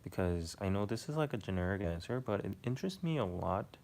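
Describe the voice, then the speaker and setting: A man's voice: lowish voice, expressive, brisk, gravelly, darkish tone. A man casually chatting to his viewers during a live stream, rambling and hesitant and swearing now and then. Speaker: live streamer reading chat.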